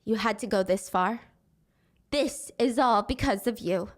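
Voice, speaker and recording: A woman's voice: medium pitch, voice pushed down, lightly acted. A woman doing a cold, taunting villainous grandmother. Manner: slow, menacing taunts.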